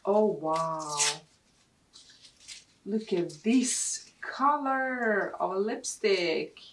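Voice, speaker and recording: A woman vlogger from Sweden chatting casually and excitedly as she unboxes beauty products. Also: mid-range voice, drawn-out words. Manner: excitable, gushing over products. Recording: distant mic with clear background noise.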